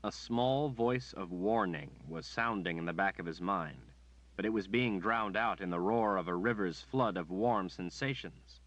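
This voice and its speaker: A man narrating an audiobook in a measured storytelling manner. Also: low voice, a bit bright, dry recording, rough recording. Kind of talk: scripted narration.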